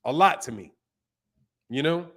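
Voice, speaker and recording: Male boxing-channel host, high voice, loose slangy storyteller. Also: expressive, unhurried, a bit bright. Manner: loose, storytelling, lots of "man" and "bro". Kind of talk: casual live-stream chat.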